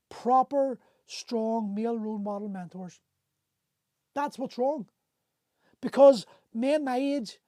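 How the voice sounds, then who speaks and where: A man's voice: very high-pitched, warm tone, dry recording. A man in his forties hosting a men's coaching livestream, talking earnestly and rambling, with many restarts while he answers viewer comments. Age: 40s. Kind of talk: impassioned motivational talk to live viewers. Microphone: phone or webcam on a livestream.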